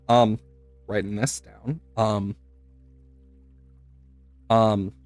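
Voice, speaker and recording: Male streamer, casual and animated, quick laughs and mild swearing, dry mic. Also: medium pitch, no echo, soft background music. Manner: chatty, laughs often, swears, talks to chat. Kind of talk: live gameplay commentary.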